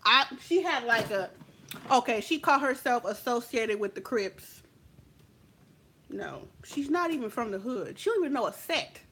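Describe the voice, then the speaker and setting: A woman makeup vlogger telling a story in sassy, animated casual chat, talking straight to the viewer. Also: a little high, normal speed, background noise.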